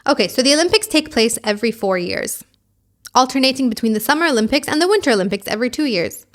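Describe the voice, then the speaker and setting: A woman's voice: sits high, lively intonation, fast talker, a bit bright. A woman hosting a casual podcast, sassy and opinionated, rambling with lots of "like"s. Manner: puts on a mock French accent. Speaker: podcast host.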